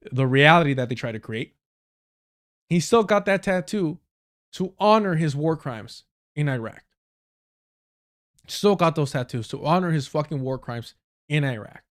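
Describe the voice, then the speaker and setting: A man hosting a live stream, reacting to clips in heated, sarcastic, profanity-laced commentary. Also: fairly high pitch. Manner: heated, sarcastic, swears a lot. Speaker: livestream commentator.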